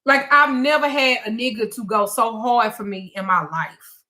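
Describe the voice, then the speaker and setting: A woman hosts a live call-in talk show with a bright, cutting voice that sits fairly high. She tells her story bluntly and profanely, with plenty of animation. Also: moderate pace. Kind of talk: casual storytelling chat.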